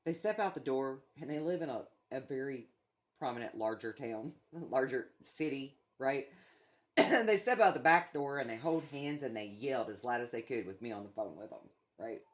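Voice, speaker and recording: Low, lively-voiced blunt storytelling woman. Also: moderate pace. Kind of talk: casual chat.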